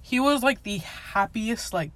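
A woman's voice: a little high, expressive, measured pace, a bit bright. A young woman casually telling a personal story, rambling with lots of filler words, laughing often and swearing. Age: young adult. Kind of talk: casual chat.

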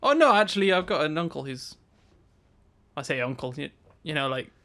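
A young English man with a fairly high speaking voice, co-hosting a casual podcast. He tells stories in a relaxed, chatty way and trades banter with laughter. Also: fairly quick. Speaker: podcast co-host. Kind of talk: casual chat.

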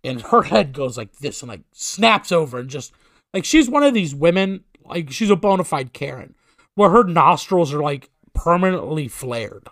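A man with a somewhat high voice tells a rambling, profane story in a casual chat. He laughs at himself and leans into the punchlines. The sound is dry and close, with no room around it. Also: normal speed, no room sound. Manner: profane, animated, self-mocking storyteller.

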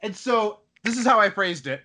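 A man's voice: sits high, animated, moderate pace, pushed and bright. A man in casual chat, animatedly retelling a video game story and laughing as he goes.

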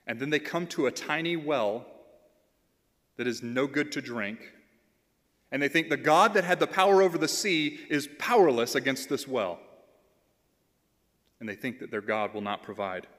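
A man's voice: medium pitch, moderate pace, pauses often, a bit bright. A man serving as a pastoral intern, preaching a sermon in an earnest way, reading scripture aloud and repeating phrases for emphasis. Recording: long hall reverb.

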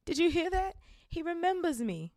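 A woman reading aloud, voicing an excitable little man who gushes in a high, eager voice. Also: fairly quick, no echo, clean studio sound. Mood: excited. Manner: gushing, high-pitched.

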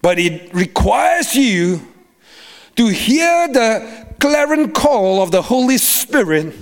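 A man preaching a sermon as a guest preacher, animated, with sing-song cadences and frequent laughter. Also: very high voice, takes it slowly.

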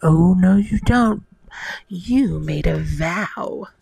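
A woman's voice: fairly low pitch, extremely slow, creaky, a little mellow, breathy edge, no room sound, exaggerated voice. A woman whispering the part of a grasping, pushy ugly stepsister in a whispered role-play storybook reading. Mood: insistent.

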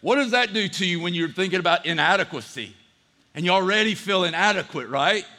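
A pastor preaching a sermon, a man who tells animated stories and acts out the voices of people he quotes. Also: sits high, a little fast. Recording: church hall reverb.

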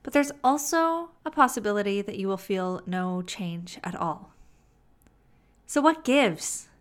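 A woman teaching self-help in a slow, deliberate way, with playful asides. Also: mid-range voice, animated, smooth. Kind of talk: motivational teaching monologue.

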